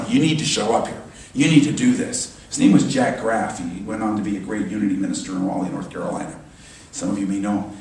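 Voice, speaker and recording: A man delivering a sermon as a minister, animated and emphatic, often repeating his phrases. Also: fairly low pitch, quick pace. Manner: animated, emphatic preaching with repetitions. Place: church sanctuary. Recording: echoey church hall from far off.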